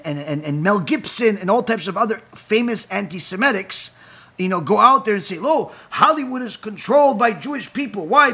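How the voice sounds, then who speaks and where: A rabbi giving an impassioned talk, firing rhetorical questions and acting out quoted voices. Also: male voice, high voice, gravelly, bright, forceful tone, husky.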